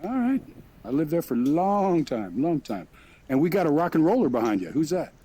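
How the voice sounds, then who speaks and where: A man's voice: on the high side, big pitch swings, a little fast, warm tone, slightly rough. A man, a guest actor, chatting and joking with fans in a casual question and answer. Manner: jokey, friendly banter. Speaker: guest actor at a virtual meet and greet. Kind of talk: casual Q&A chat. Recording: voice chat with crowd chatter behind. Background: crowd chatter.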